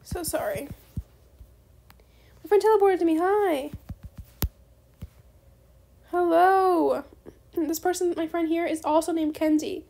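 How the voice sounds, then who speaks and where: A young woman chatting bubbly and fast while playing a game, often saying bestie. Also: extremely high pitch, creaky, warm tone. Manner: bubbly, fast-talking, says bestie a lot. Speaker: gaming YouTuber. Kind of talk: casual gameplay commentary.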